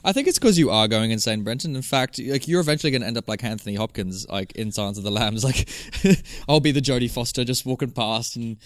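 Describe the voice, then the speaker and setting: A young man chats loosely as podcast co-host, rambling and laughing with plenty of filler words. His pitch moves around a lot. The recording is close and dry. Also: expressive, fast, no echo. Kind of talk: casual chat.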